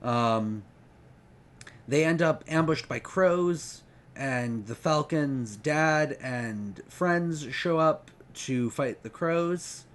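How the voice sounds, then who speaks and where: A man's voice: fairly high pitch, animated, drawn-out words. A man giving a casual book retrospective, rambling and hesitant with many ums and restarts. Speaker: book reviewer.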